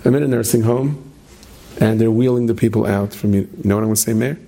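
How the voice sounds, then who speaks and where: Gravelly-voiced man telling a story. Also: on the low side, quick pace, dark tone. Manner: repeats words, humorous asides. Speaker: speaker giving a religious talk. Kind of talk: storytelling sermon. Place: stage with plexiglass screen.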